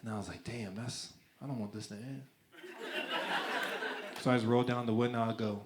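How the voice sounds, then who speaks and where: A man's voice: medium pitch, a little fast, long pauses, noisy background. A man doing a live stand-up comedy set, talking loosely with lots of restarts and acting out other people's voices. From United States. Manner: loose, conversational delivery with frequent restarts and acted-out voices. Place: comedy club stage. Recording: live club recording with clear crowd laughter.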